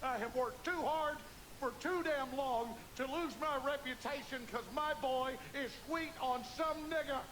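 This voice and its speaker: A man's voice: very high-pitched, unhurried, a bit bright, slight background noise, poor audio. An actor playing a brutal, bigoted American father with a Southern accent, talking in menacing, growling threats. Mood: angry.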